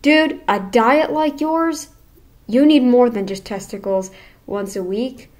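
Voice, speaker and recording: A woman's voice: on the high side, slow pace, a little mellow. A woman hosting a reaction channel, talking back at a video with blunt, sarcastic commentary.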